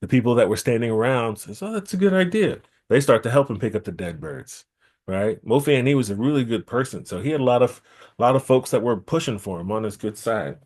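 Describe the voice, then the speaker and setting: A man telling a traditional story at a temple gathering, lively, repeating key phrases for emphasis. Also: mid-range voice, fairly quick. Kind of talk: oral storytelling.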